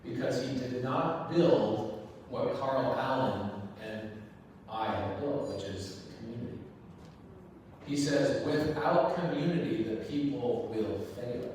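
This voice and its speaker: A man giving an energetic, conversational motivational talk to a live audience, acting out the dialogue in his story. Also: mid-range voice, slow, a little hiss or hum. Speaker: event speaker. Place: large hall before an audience. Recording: echoey hall, distant mic, faint ambience.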